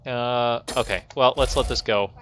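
A man streams a game and vents at his colonists, his voice bright and edgy. He swings between muttering and loud exasperated bursts. A faint hiss sits under his voice. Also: mid-range voice, steady tone, normal speed. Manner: exasperated, scolding his colonists, frequent outbursts. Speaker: gaming host. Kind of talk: live game commentary.

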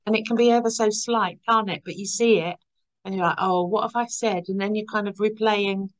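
A woman hosting a podcast, chatting casually and warmly agreeing with her guest, often ending points with "isn't it?". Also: mid-range voice, fairly even intonation, a little fast, low-quality recording. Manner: warm, agreeing, ends points with tag questions. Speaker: podcast host. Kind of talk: casual conversation.

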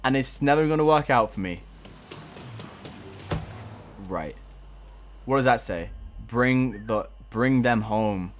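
A man's voice: medium pitch, slow, pauses often, faint music behind. A young man giving casual gameplay commentary, frustrated, swearing a lot and laughing at himself.

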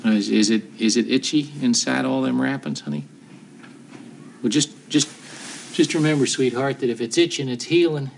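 Actor as a folksy, coaxing sweetheart. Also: male voice, mid-range voice, moderate pace, gravelly, slight background noise, close to an everyday voice. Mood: tender. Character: tender, folksy man comforting an injured partner. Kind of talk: 1970s TV soap acting.

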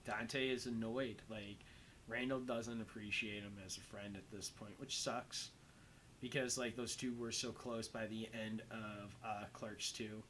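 A man's voice: fairly low pitch, level tone, unhurried, a bit bright, a little hiss or hum, poor audio. A young man giving casual movie commentary as host, rambling and full of "um" and "like.". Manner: rambling, heavy on fillers like "um" and "like".

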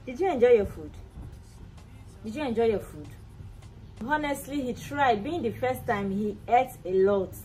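A woman's voice: fairly high pitch, expressive, normal speed, long pauses, dark tone, soft background music, rough recording. A young mother chatting in a casual home vlog, switching between cooing baby talk and asides to her viewers. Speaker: vlogger and mother.

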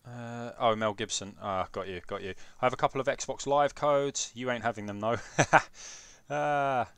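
A man's voice: mid-range voice, a little slow, a bit bright, clear, resonant tone, no echo. A young man hosting a live game stream, chatting casually and swearing while fixing his setup and reading chat. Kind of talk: casual live gameplay commentary. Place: home room with PC setup.

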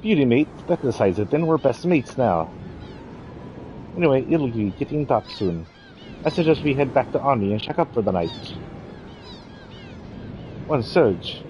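A man's voice: mid-range voice, very animated, normal speed, long pauses, darkish tone, muffled recording, slight background noise, voice pushed up, natural voice. A man voicing a brash young woman thief, cheeky and bouncy, reading game dialogue aloud.

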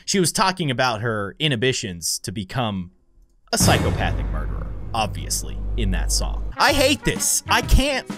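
Animated man doing game commentary. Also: medium pitch, normal speed, no room sound, soft background music. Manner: animated, jokey, shrieks and mock-deadpan asides. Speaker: gaming YouTuber. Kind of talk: let's play commentary.

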